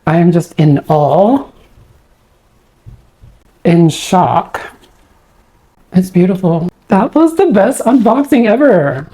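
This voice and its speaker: Woman unboxing on her vlog, lowish mellow voice, all shaky and gushing, keeps running out of words. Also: animated, slow, long pauses. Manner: gushing, awestruck, at a loss for words. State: shaky with excitement. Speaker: unboxing vlogger.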